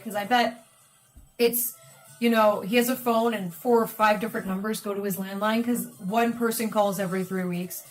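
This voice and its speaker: A woman chatting and telling stories during a game session. Her voice sits fairly high and her delivery is lively and exasperated. Faint music plays underneath. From Canada. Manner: animated, exasperated storytelling. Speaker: co-host, bakery owner. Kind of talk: casual storytelling while gaming.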